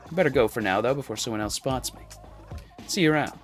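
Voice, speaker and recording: A man's voice: medium pitch, quick pace, soft background music, close to an everyday voice. A man voicing a laid-back male singer whose band has split up, talking in a casual, easygoing way.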